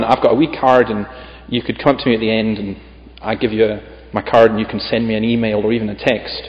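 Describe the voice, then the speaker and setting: A man's voice: mid-range voice, fast talker, darkish tone, big-room sound, muffled recording. A man with a Scottish accent preaching as a visiting preacher in a church. He reads scripture with emphasis and adds chatty, humorous asides. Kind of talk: sermon.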